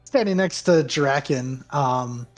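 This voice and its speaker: A man's voice: medium pitch, slow. A man narrating as game master in a loose, casual way, with fillers and laughs.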